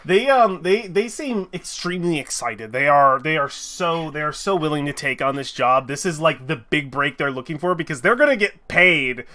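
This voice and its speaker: A man narrating as game master in a tabletop game, animated and full of fillers. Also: on the high side, moderate pace, few pauses.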